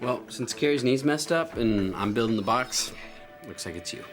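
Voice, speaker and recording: A man's voice: medium pitch, animated, moderate pace, a bit bright. A man talking casually on location, practical and explaining a plan step by step. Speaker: show team member. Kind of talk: casual on-location planning talk. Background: background music.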